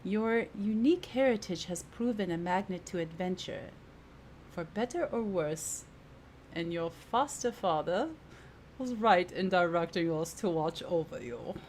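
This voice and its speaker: A woman doing a commanding woman adventurer with a put-on British accent, her lines read out formally and with weight from a role-playing game. The voice sits fairly low and steady, with a faint hiss of room noise underneath. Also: measured pace, close to an everyday voice. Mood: resolute. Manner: formal, declamatory reading of game dialogue. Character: stern adult woman adventurer, commanding, with a mock British lilt. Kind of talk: reading game dialogue aloud in character.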